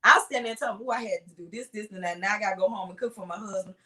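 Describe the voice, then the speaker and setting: A middle-aged woman, a singer as a guest, telling stories with lively acted-out quotes in a relaxed chat. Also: mid-range voice, very fast. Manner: animated storyteller acting out voices. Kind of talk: casual interview storytelling.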